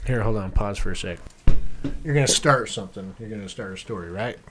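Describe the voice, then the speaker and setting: Crude, teasing young podcast co-host. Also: male voice, fairly low pitch, brisk, a loud crowd. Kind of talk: casual banter, storytelling.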